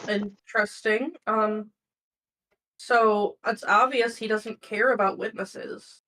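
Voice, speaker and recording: A woman's voice: medium pitch, fairly even intonation, takes it slowly, bright, forceful tone, rough recording. A woman playing a casual tabletop game, asking questions in an inquisitive way. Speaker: player.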